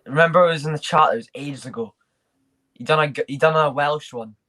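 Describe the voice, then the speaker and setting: A man's voice: a little high, brisk, bright, forceful tone. A man hosting a live football watchalong, chatting loosely with banter and restarts. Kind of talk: casual chat.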